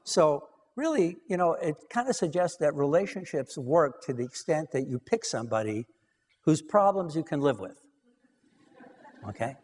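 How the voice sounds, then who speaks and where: Husky man lecturing in a hall. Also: fairly high pitch, animated, moderate pace, a little mellow. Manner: anecdotal, acts out dialogue, frequent "you know". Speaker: lecturer on couples research. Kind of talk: conversational lecture.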